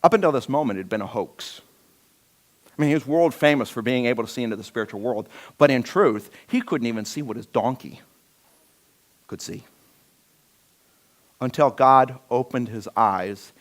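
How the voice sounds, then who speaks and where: A man's voice: medium pitch, normal speed, long pauses. A male pastor preaching a sermon, telling a Bible story with humor and acting out the scenes.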